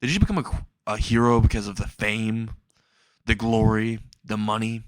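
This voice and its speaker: A man's voice: lowish voice, level tone, moderate pace, no room sound, lightly acted. Cocky, sarcastic nerdy teen hero, a man reading it barely changed from his narration. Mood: sassy.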